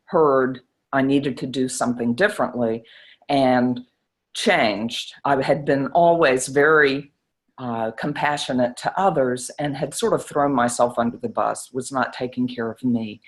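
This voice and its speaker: Woman, middle-aged, low voice, psychiatrist, interview storytelling, animated. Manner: animated, acts out quoted exchanges.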